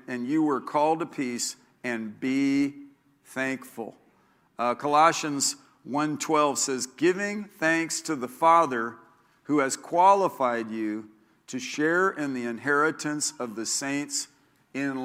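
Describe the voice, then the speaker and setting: A man's voice: on the high side, sharp tone. A man preaching a sermon as pastor, repeating key lines and telling stories with a laugh.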